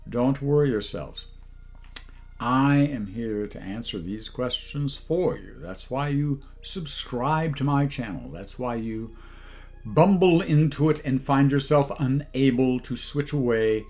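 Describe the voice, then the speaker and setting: A man's voice: medium pitch, slow pace, darkish tone, soft background music. A man hosting a comedy channel, talking down to his viewers in a haughty, put-on posh voice as a mock-pompous monologue.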